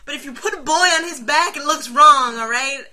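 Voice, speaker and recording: Wry woman with a bright, higher voice. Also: moderate pace. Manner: wry, amused commentary. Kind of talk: casual chat about comics.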